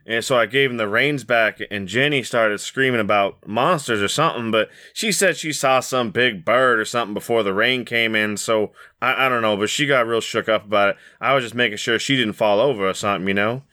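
A man voicing a shaken rural uncle with a drawl, speaking in halting, folksy dialect full of restarts. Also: fairly low pitch, bright, forceful tone. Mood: earnest.

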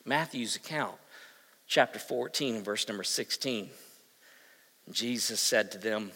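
A male pastor preaching a sermon, swinging from hushed, low asides to loud, emphatic bursts. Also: a little slow, pauses often, husky, long reverb tail.

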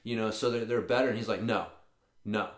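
Casting note: male podcast co-host, mid-pitched, swears freely while telling stories, roomy echo. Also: very fast. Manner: profane, animated storytelling. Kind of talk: casual chat, storytelling.

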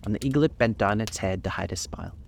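Gravelly man reading a storybook. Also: lowish voice, quick pace, a little hiss or hum. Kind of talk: storybook narration.

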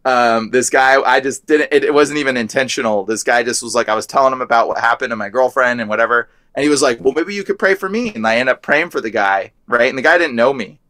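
A man's voice: medium pitch, fast talker, hardly any pauses, bright, forceful tone, no echo. A young man telling his story as a guest in a casual chat, rambling and filling his talk with "like". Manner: rambling, heavy use of "like".

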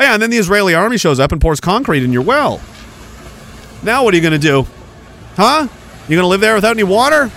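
A man's voice: a little high, fairly bright tone. A man hosting a podcast, ranting sarcastically and with heavy profanity while commenting on news clips. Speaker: podcast host.

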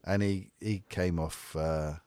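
A middle-aged man, chatting casually and telling animated stories. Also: deep voice, slow, clear, resonant tone, dry recording, clean studio sound. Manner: animated storyteller, puts on American voices. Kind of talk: casual chat.

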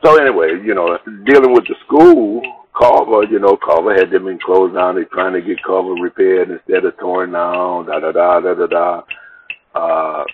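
Talking at a normal speed in a low voice, this man rambles through a long personal story, casual and profane. He brings the people in it to life by acting them out and quoting their dialogue. The sound is dull and lo-fi, with faint background noise.

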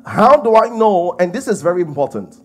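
Pastor guy preaching, lively swooping voice, bit high, soft music behind. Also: a little fast. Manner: emphatic preaching with rhetorical questions. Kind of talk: sermon.

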